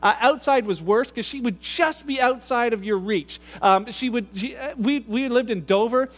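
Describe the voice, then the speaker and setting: Man, thirties, pastor, sermon, high voice, chatty storytelling. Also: normal speed. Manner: conversational, animated storytelling with acted quotes.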